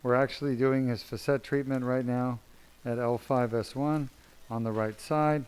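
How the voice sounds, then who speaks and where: A man's voice: mid-range voice, steady tone, normal speed, darkish tone, smooth. Chatty male surgeon narrating live surgery. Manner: chatty, self-deprecating, talks to viewers while working. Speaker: spine surgeon. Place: operating room.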